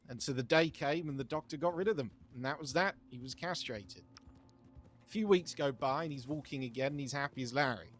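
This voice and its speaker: A man's voice: mid-range voice, normal speed. A man chatting in character during a roleplay stream and telling a long joke, acting out each person's lines. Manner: chatty storyteller, acts out the lines of the people in his joke. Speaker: streamer playing a sheriff.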